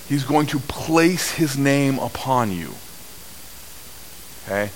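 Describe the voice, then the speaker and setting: Slow-speaking man preaching a sermon. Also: a little hiss or hum, rough recording. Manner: unhurried, animated storytelling with wide swings in pitch and loudness. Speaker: pastor.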